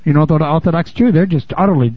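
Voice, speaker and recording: A man preaching a sermon in a lively, conversational way, laughing and calling out "amen?" to the congregation, on a dull, lo-fi recording. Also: fairly high pitch, fast talker. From United States. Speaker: pastor.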